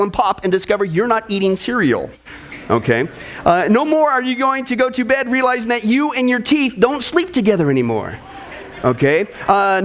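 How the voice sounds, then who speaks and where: A man preaching a sermon to a congregation, telling jokes and stories in an animated way. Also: high-pitched. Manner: animated, joking storyteller. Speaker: pastor. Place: church before a congregation.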